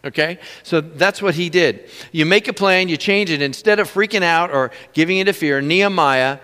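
A middle-aged male pastor preaching with a high, bright and forceful voice. He tells stories with animated energy and laughs easily. The sound rings with a long hall reverb. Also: normal speed. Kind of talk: sermon.

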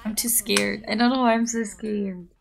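A young woman streaming a game, chatting casually with her viewers; her voice is raspy and hoarse from just waking up, and she giggles often. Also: medium pitch, fairly even intonation, normal speed. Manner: bubbly, giggly, playful. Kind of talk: casual live-stream chat.

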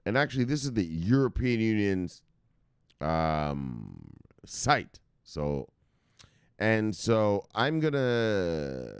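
A man's voice: low voice, clear, resonant tone, no echo, studio quality. A man hosting a casual crypto news livestream, rambling, swearing and reading viewer comments aloud. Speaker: crypto news show host.

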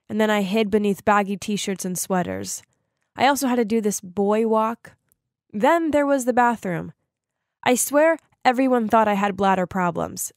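A woman narrating a first-person animated story in a confessional, conversational way. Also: medium pitch, no echo, studio quality.

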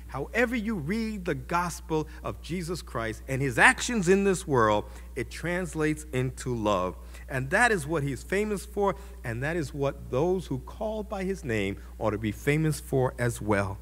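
High, lively preaching man in echoing hall. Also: a little slow. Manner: impassioned preaching with sudden loud rises. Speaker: pastor. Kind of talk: sermon. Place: church.

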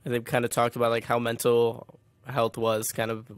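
A man hosting a casual podcast interview, relaxed and teasing, laughing easily. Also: mid-range voice, a little fast, clear, resonant tone, no room sound. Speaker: podcast host.

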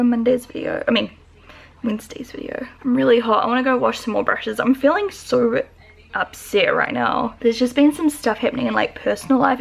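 Chatty young New woman, gravelly. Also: medium pitch. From New Zealand. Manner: chatty, lots of "like" fillers, talks to her dog. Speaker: vlogger. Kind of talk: casual daily vlog chat. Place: home, indoors.

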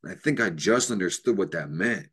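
A man's voice: sits low, animated, brisk, sharp tone, slightly rough. A man hosting an astrology show, giving an unscripted motivational talk, emphatic and profane, with bursts of laughter.

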